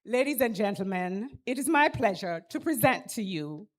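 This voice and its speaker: A woman emcee gives a formal introduction to the evening's speaker. Her manner is ceremonious. Her voice sits at an ordinary middle pitch. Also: expressive, moderate pace.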